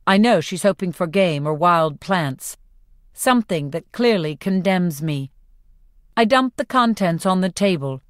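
A woman narrating a first-person novel in clear, expressive storytelling. Her pitch rises and falls with the story. The recording is close and dry. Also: unhurried, dry recording. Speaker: audiobook narrator.

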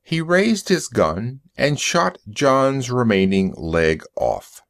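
Male narrator, slow, expressive pitch, dry close recording. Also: creaky, no room sound. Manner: slow, deliberate reading. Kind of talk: scripted story narration for English learners.

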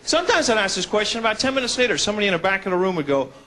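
A man performing stand-up with a high, very lively voice that swoops up and down as he acts out characters. He mocks himself as he goes, and the audience laughs along in the background. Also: racing, background noise. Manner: animated, self-mocking, acts out characters. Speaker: stand-up comedian. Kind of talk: stand-up comedy routine.

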